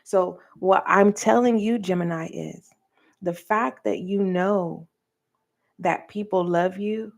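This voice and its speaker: Gravelly-voiced woman giving a tarot reading. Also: medium pitch, a little mellow. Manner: earnest, preachy, speaks with pauses and direct address. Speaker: tarot reader. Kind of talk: spiritual tarot reading monologue.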